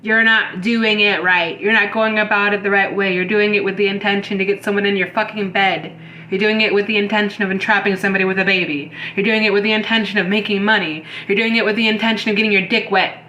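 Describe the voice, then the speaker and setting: A woman's voice: medium pitch, steady tone, fast talker, sharp tone, a little hiss or hum. Blunt, heated woman in an echoey room. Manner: blunt, heated, swearing lecture. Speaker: spiritual reader. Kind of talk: intuitive reading to viewers.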